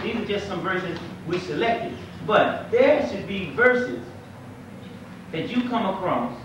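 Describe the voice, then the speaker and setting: A man's voice: a little high, a bit bright, a little hiss or hum. A man, an imam, teaching an Arabic class in a conversational lecture, quizzing his students with questions in a mosque classroom. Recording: echoey room, distant mic, dull lo-fi 1990s tape.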